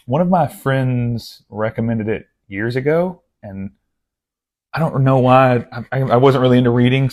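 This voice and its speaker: A young man chatting casually about his latest book haul, rambling and self-deprecating, with lots of asides and restarts. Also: medium pitch. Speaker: book vlogger.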